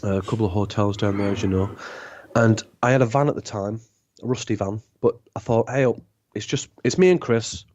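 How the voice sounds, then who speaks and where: A man, a podcast guest, telling a long anecdote in a rambling, animated way and acting out the dialogue. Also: lowish voice, a little fast, a little hiss or hum. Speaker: podcast guest, former club DJ. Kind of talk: casual storytelling. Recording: dull lo-fi podcast audio.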